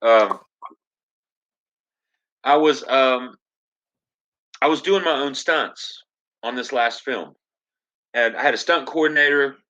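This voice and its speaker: A man who works as an actor, telling stories as a podcast guest in a casual, animated way and acting out the lines of the people he quotes. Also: medium pitch, slow, pauses often, lo-fi sound. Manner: animated storyteller, acts out quoted dialogue. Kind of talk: casual storytelling interview.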